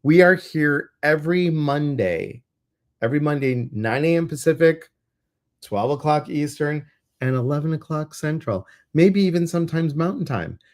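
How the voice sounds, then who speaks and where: A man's voice: a little high, lively intonation, normal speed. A middle-aged man co-hosting a casual weekly livestream, telling stories animatedly and acting out his own reactions. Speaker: co-host of a weekly intuitive live show.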